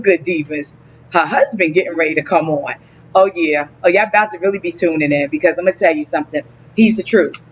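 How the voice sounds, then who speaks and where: A woman's voice: deep voice, brisk, a little hiss or hum, low-quality recording. A woman with a New Jersey accent hosting a live virtual event, effusive and emotional, often saying she is about to cry. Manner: effusive, repeats "let me tell you something". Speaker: host.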